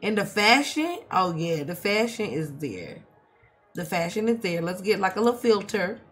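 A woman's voice: mid-range voice, lively intonation, moderate pace. A woman giving casual, profane commentary while playing a life-sim game, shifting from mumbling to outbursts. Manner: chatty, swears, swings from mumbling to loud outbursts. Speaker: let's play streamer.

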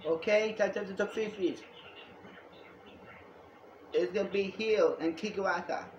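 A man rambling excitedly in a home video monologue, repeating himself and jumping between topics. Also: sits high, measured pace, lo-fi sound, slight background noise. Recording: echoey room.

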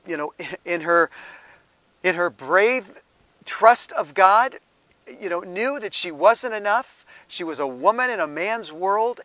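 High-voiced man preaching conversationally. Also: bright, forceful tone, dry recording, lo-fi sound. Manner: conversational preaching with asides and chuckles. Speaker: pastor. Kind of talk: sermon.

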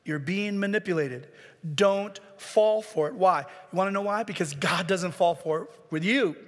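High-voiced man preaching in a reverberant hall. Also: moderate pace. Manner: earnest preaching with dramatic soft drops and rising emphasis; repeats words for emphasis. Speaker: guest pastor. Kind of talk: sermon. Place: church sanctuary.

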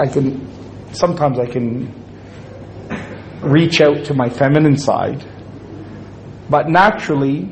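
Joking male Islamic lecturer, raised pitch. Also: a little mellow, a little hiss or hum, poor audio. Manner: joking, playful storytelling with acted-out quotes. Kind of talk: humorous religious lecture to an audience.

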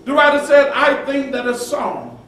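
A man preaching a sermon as pastor, with call-and-response and sudden dramatic shouts, recorded in a church. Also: very high-pitched, very animated, normal speed. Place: church sanctuary. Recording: echoey church hall from far off.

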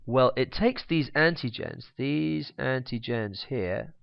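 Lively chatty male teacher, dull dry sound. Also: medium pitch, slow pace, vocal fry, smooth, no room sound. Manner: chatty, jokey asides, humming while drawing. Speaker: biology teacher. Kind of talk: explaining while drawing. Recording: dull, slightly lo-fi dry recording.

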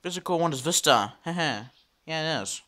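This computer vlogger, a man with a slightly high voice, narrates a screen recording in a relaxed way. He speaks to his viewers excitedly but haltingly, with frequent word repeats and restarts.

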